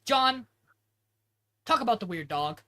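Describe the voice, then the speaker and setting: A man co-hosts a casual podcast, tossing in quick, teasing lines. His voice is high and notably bright, with a sharp, forward edge. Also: animated. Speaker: podcast co-host. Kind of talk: casual chat.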